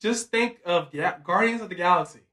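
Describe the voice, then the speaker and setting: A high-pitched man keeps a podcast chat rolling, bringing up odd news and teasing his co-host. He laughs often and talks in a loose, playful way. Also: a little fast, pushed and bright. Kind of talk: casual chat.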